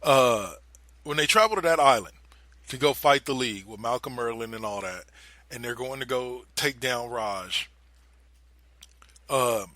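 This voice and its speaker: A young man co-hosting a podcast, retelling a TV scene in casual, animated chat and swearing freely. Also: mid-range voice, unhurried, long pauses, no echo. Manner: animated storyteller, swears freely, drops into quoted voices. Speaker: podcast co-host.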